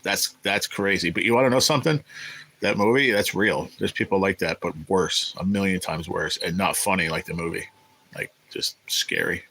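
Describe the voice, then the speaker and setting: A man's voice: low voice, moderate pace, bright, forceful tone, low-quality recording. A man hosting a casual livestream, rambling and swearing as he answers viewers in the chat. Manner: rambling, profane, chatty with viewers. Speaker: livestream host reading chat.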